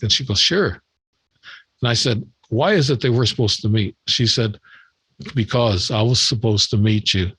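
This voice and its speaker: Older man, podcast guest, low voice, dry close sound, rambling storytelling, repeats himself. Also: no room sound, low-quality recording. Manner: rambling, repeats words and acts out quoted dialogue. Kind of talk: storytelling in an interview.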